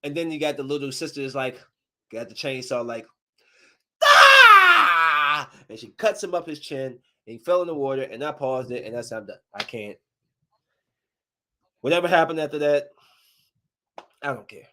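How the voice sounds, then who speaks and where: Animated slangy man ranting on a podcast. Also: brisk, long pauses. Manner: animated storytelling, swings from loud outbursts to low muttering; laughs often, slangy and joking. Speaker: podcast host. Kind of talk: casual solo podcast rant.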